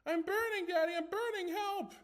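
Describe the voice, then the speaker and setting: A man's voice: very animated, moderate pace, fairly bright tone, heavily acted. A man voicing a teenage boy who mockingly screams like a child trapped in a fire, in a storybook reading. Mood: mock screaming. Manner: shrill, taunting screams.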